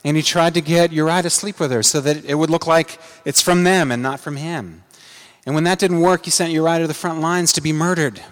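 A man preaching a sermon, earnest, climbing to emphatic peaks and dropping low for quiet asides. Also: steady tone, a little fast, in a large hall. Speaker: pastor.

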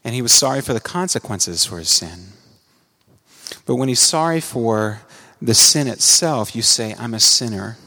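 A man preaching a sermon, earnest, climbing to emphatic peaks and dropping low for quiet asides. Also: lively intonation, normal speed, long reverb tail. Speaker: pastor.

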